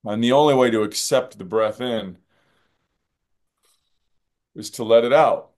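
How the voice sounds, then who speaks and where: A man's voice: mid-range voice, a little slow, a little mellow. A man, a film director as guest, talks in a reflective interview, earnest and musing, often repeating phrases.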